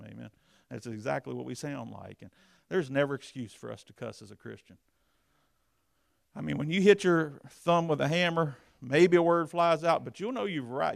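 A man with a heavily gravelly, creaky voice preaches a sermon, close and dry on the mic. He swings from low, confiding asides to loud, emphatic bursts. His pitch sits in an ordinary middle range for a man. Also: dry recording. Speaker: pastor.

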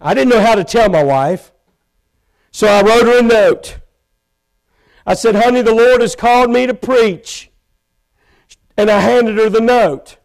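A man preaching a sermon in a church, telling his own story with feeling and rising to loud pleading. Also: high-pitched. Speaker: pastor. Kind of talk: sermon testimony. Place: church sanctuary.

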